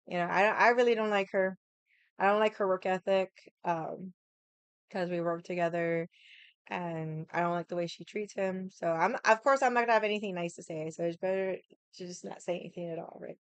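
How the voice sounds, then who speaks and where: A woman's voice: fairly low pitch, fairly even intonation, brisk, clear, resonant tone, no room sound. A woman vlogger in casual chat, telling a rambling story bluntly and swearing freely.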